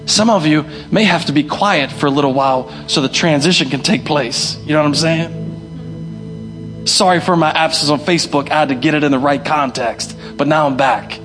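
A man's voice: on the high side, a little fast, few pauses, music in the background. A young male pastor preaching a sermon, emphatic and repeating his key phrases. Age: young adult. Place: church hall.

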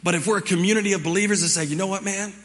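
A man's voice: sits high, steady tone, very fast, a bit bright. A male pastor preaching a sermon in a conversational way, repeating phrases for emphasis. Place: church hall. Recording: reverberant hall with music behind.

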